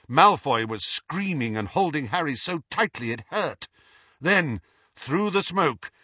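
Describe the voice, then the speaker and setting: Man narrating an audiobook slowly, lively delivery, bright tone, dry dull sound. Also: on the high side, husky, no echo. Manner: dramatic, expressive reading. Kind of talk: scripted narration.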